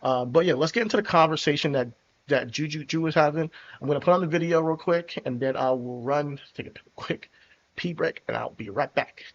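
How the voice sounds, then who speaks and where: A man's voice: on the high side, fairly quick. New jersey guy hosting a podcast, laid back, kinda dull lo-fi audio. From New Jersey, USA. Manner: relaxed, conversational, some restarts. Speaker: podcast host. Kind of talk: casual podcast chat.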